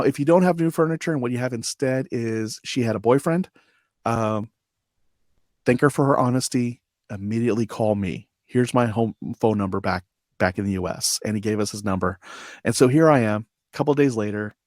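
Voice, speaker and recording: Animated male storyteller, dry sound. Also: mid-range voice, no room sound. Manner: animated storyteller, acts out quotes with laughter. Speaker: podcast guest. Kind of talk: storytelling interview.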